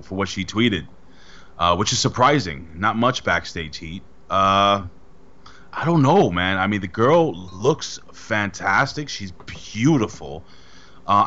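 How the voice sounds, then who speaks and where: A man's voice: lowish voice, a bit bright. Man, podcast co-host, blunt and emphatic, rambles, lo-fi dull sound. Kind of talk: casual chat.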